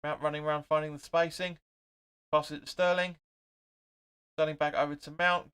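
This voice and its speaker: Hosting a live football watch-along, this young man speaks at normal speed with a fairly high, clean-toned voice. He narrates the action in quick bursts, reads viewers' comments aloud, and gets worked up enough to swear at his own team.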